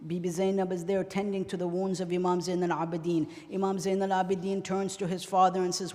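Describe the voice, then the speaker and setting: High-voiced impassioned male preacher in a reverberant hall. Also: little pitch movement, a little fast, few pauses. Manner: impassioned, swinging between loud and hushed delivery. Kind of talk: Muharram mourning sermon. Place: prayer hall.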